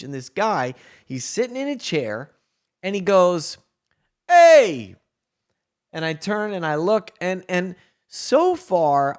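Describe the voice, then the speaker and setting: A man telling a story in casual chat, animated, acting out the people he quotes. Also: on the high side.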